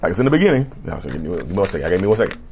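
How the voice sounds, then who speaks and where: A man hosting a casual solo podcast, talking in a rambling, repetitive way with a slightly rough throat he keeps clearing, and often asking the listeners "right?". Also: low-pitched, big pitch swings, rapid-fire, noisy background. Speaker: podcast host.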